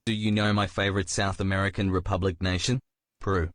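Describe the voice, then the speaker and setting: A man putting on a deep, flat, deadpan voice to ask odd questions. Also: fast talker, no room sound, clean studio sound.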